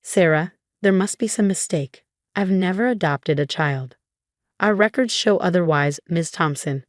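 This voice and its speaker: A woman's voice: fairly low pitch, measured pace, dry recording, studio quality. A woman narrating a first-person drama story, reading every character's lines in her own voice.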